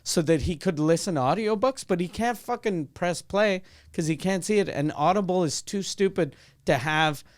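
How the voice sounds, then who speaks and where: A man's voice: high voice, normal speed, hardly any pauses. A man co-hosting a comedy podcast, telling loose, profane stories in casual chat. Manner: loose storytelling, swears freely. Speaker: podcast co-host.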